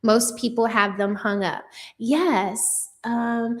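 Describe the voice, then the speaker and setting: Slow-talking sassy woman streamer. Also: on the high side, steady tone. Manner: sassy, profane, chatty with many fillers. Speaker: livestream news commentator. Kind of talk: casual livestream chat with viewers.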